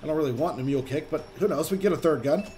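A young man casually commenting on his own gameplay as a channel host, chatty and excitable, swearing when things get tense. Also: a little high, rapid-fire, soft background music.

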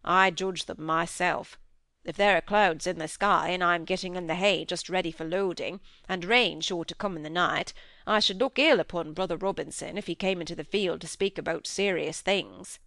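A woman's voice: lowish voice, fairly even intonation, normal speed, creaky, pushed and bright, no echo, clean studio sound. A woman voicing a grave, pious middle-aged male minister and farmer who speaks in an earnest, solemn, preaching cadence.

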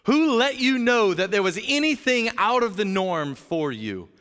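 A man voicing a stern, disappointed God who reproaches in slow, pointed questions. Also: sits high, big pitch swings, a bit bright, pitched above the performer's own voice, heavily acted. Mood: reproachful. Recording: long hall reverb.

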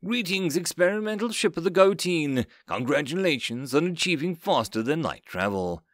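A man's voice: on the high side, sing-song, dry recording, clean studio sound, voice pushed up. A man voicing a robotic-sounding recorded greeting message that speaks formally and evenly in an audiobook reading. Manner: formal, measured.

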